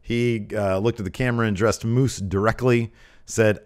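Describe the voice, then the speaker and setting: A man's voice: fairly low pitch, unhurried, smooth. Rambling man recapping wrestling. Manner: rambling, lots of ums and asides; mimics wrestlers in raised voices when quoting. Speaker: podcast host reviewing wrestling. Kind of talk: casual recap.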